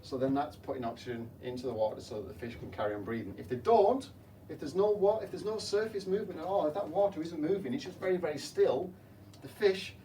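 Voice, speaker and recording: Talking quickly in a warm, rather high voice, a man cleans a school tank as an aquarium technician and explains things playfully to the children, peppering them with rhetorical questions. The mic sits slightly far off, and a faint hum is audible.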